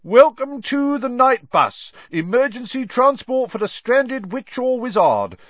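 A brash teenage bus conductor who barks out his lines loud, high and full of swagger. The slangy, cocky lad swings his pitch about in a dry, slightly dull audiobook recording. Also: sing-song, normal speed, dry recording.

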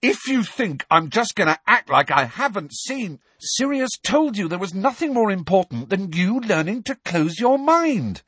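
A man's voice: high voice, big pitch swings, normal speed, hardly any pauses, fairly bright tone, slightly rough, no echo, pitched above the performer's own voice, exaggerated voice. A man reading aloud, voicing an earnest teenage girl who pleads and argues urgently. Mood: fierce.

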